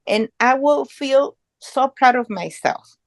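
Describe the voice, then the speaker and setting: Slow-talking middle-aged woman. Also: high-pitched, expressive, vocal fry, no room sound. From Guatemala. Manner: earnest, proud, non-native English phrasing. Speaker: guest. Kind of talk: casual conversational storytelling.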